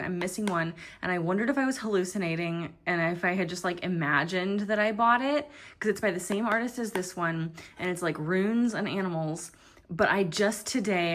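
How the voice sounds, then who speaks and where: A woman's voice: fairly low pitch, a bit bright. Chatty, rambling woman vlogger. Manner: chatty and rambling, with frequent fillers and "like". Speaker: tarot and oracle deck vlogger. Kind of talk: casual chat.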